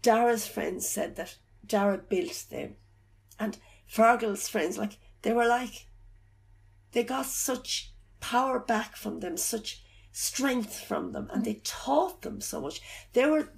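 Soft-spoken gravelly middle-aged woman. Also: a little high, expressive. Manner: halting, searching for words, soft and reflective. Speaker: bereaved mother telling her story. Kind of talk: personal account in an interview.

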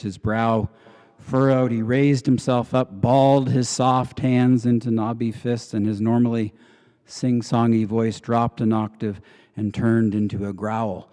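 Male cathedral preacher, mellow tone, thoughtful storytelling, long church reverb. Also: mid-range voice. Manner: reflective storytelling with fillers and restarts. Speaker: cathedral dean. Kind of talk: sermon. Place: large cathedral.

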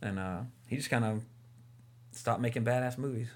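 Enthusiastic rambling podcast host. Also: male voice, medium pitch, normal speed, a little hiss or hum. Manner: enthusiastic, rambling with many fillers. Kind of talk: casual movie podcast chat.

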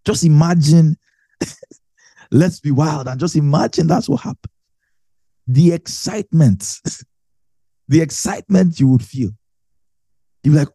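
Guy teaching bible study, mellow voice pitched a bit high, dry close sound, repeats himself for emphasis. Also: slow pace, creaky, pauses often, slightly rough, no echo. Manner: explains with everyday examples, repeats phrases for emphasis.

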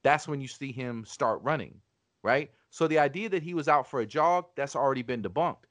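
A man's voice: medium pitch, a little fast, a bit bright, no room sound. A man hosting a podcast, talking in a casual, argumentative way, swearing often and restarting his sentences. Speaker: podcast host.

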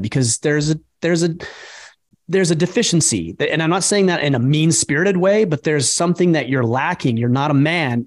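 A middle-aged man co-hosting a podcast, talking emphatically in casual chat and acting out others' words with energy. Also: medium pitch. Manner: emphatic, animated when quoting others. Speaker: podcast co-host.

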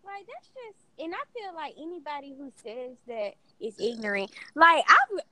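A woman in casual group chat as a podcast co-host, talking in an animated, emphatic way with many fillers. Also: high voice, normal speed, crowd noise, rough recording.

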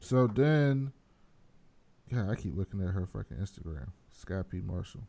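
A man's voice: sits low, moderate pace, vocal fry. Man animatedly recapping a TV episode. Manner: animated retelling, acting out characters' lines. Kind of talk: casual chat recapping a TV episode.

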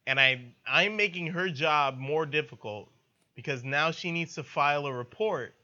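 A young man casually telling a funny story, laughing through it and delivering the punchlines deadpan. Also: fairly high pitch, normal speed, dull audio.

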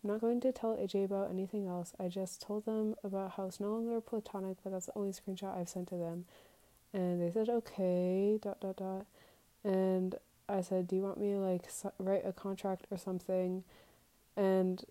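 A woman's voice: medium pitch, flat delivery, moderate pace, warm tone, rough recording. A woman recording a casual, confessional podcast episode. She talks candidly and with plenty of swearing, reads her text messages aloud, and sometimes drops to a whisper.

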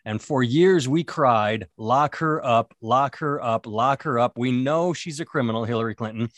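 A man's voice: mid-range voice, normal speed, a bit bright, no room sound, lightly acted. A man doing an indignant cowboy with a put-on drawl. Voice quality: bad put-on Southern drawl. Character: angry rural male political activist, aggrieved.

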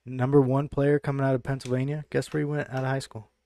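A brash man talking through his sports bets on a podcast, swearing freely and sure of every pick. His voice sits at an ordinary middle pitch. The sound is dry and close, with no room around it. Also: level tone, fast, warm tone, no echo. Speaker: podcast co-host. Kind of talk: casual sports betting chat.

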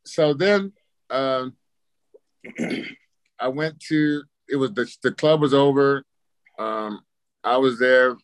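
A man's voice: mid-range voice, dry recording. A man telling a wild personal story as a podcast guest, swearing freely and acting out his own reactions. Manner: profane and animated, acts out his own reactions. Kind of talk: casual storytelling.

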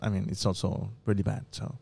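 A man's voice: lowish voice, completely flat delivery, fairly quick, creaky, dark tone, breathy edge. A man with a Latin American accent hosting a casual podcast, self-deprecating and easygoing. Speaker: podcast host.

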